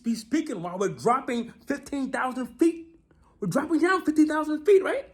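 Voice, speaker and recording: A man tells a story to his viewers in a casual monologue. His voice swings lively up and down as he dramatizes events. He keeps checking in with the listener by asking "right?". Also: very high voice, fairly quick. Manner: animated, repeats "right?" often, dramatic retelling. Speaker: vlogger.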